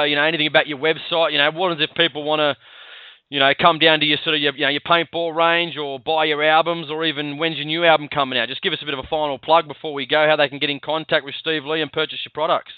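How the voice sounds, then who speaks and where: Fast-talking host on a phone line. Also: male voice, on the high side, steady tone, dry recording. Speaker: podcast host. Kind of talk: casual interview chat.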